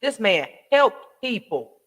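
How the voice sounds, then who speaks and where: A man's voice: high-pitched, big pitch swings, slow pace, fairly bright tone. A man hosting a casual commentary vlog, ranting emphatically with slangy, profane talk, rhetorical questions and stammering restarts. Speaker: online commentary host. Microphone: home desk mic with soundboard.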